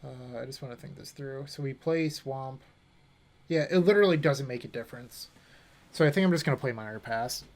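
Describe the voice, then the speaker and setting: A young man at a mid-range pitch talks through his moves as he streams a card game. He thinks aloud in an easy, offhand way, breaking off to chat with his viewers. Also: a little fast. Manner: thinking aloud, chatting with viewers between plays. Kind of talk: casual gameplay commentary.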